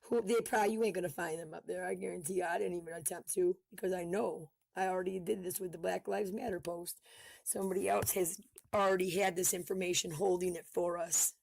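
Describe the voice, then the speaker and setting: A woman's voice: lowish voice, steady tone, gravelly, darkish tone, no echo. Heated woman in a dry recording. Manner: heated, swearing, fast-talking. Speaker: online commentator. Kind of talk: casual commentary video.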